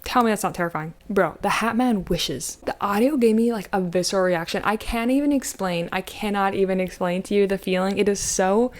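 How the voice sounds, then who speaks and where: A woman in her thirties giving a casual, animated movie recap, sarcastic and full of slang. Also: mid-range voice, fairly quick, few pauses. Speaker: YouTube commentator.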